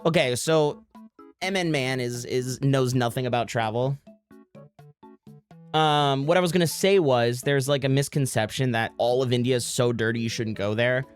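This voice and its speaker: A woman's voice: extremely low pitch, moderate pace, faint music behind. A woman streamer chatting casually with her viewers, rambling and correcting herself. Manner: rambling, self-interrupting, swearing.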